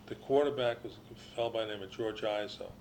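A man's voice: on the low side, fast, a crowd in the background. An older man, a former ballplayer, telling long anecdotes in a casual interview, with restarts and quoted voices.

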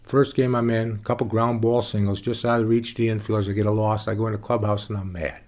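A man being interviewed, telling stories from his years as a baseball pitcher in a relaxed, folksy way with some plain swearing. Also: quick pace, hardly any pauses. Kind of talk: casual storytelling interview.

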